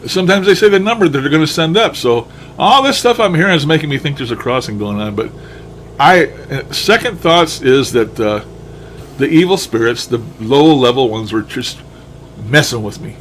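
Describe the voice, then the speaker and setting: A man's voice: a little high, animated, normal speed, a bit bright, slight background noise. A man casually commenting on his own recordings, musing aloud, chuckling often and swearing now and then. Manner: chuckling, musing, mildly profane. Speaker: paranormal enthusiast reviewing his recordings. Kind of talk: casual commentary over playback.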